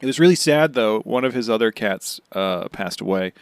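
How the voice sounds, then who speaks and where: A man's voice: on the low side, animated, moderate pace, vocal fry, a little hiss or hum. A man co-hosting a podcast in casual chat, jokey and rambling, on a close mic. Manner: jokey, rambling with fillers and laughs. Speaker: podcast co-host.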